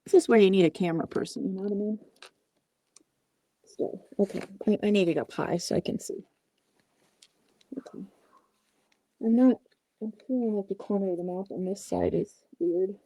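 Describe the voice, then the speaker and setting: A woman's voice: mid-range voice, normal speed, long pauses, mellow, no room sound. A woman puppet maker talking casually through her work on a livestream, outdoors, apologizing often. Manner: chatty, self-apologetic.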